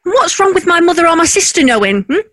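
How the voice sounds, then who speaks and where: An actress playing a sharp-tongued, sarcastic working-class wife and mother. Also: very high-pitched, big pitch swings, exaggerated voice. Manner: dry, sarcastic, drawn-out. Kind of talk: audio drama acting.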